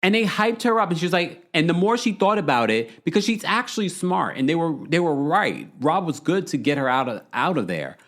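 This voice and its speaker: A man's voice: fairly high pitch, big pitch swings, a little fast, few pauses, fairly bright tone. A man hosting a livestream, chatting casually, bluntly ranting and reading viewer comments aloud. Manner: blunt, exasperated rants. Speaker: podcast host.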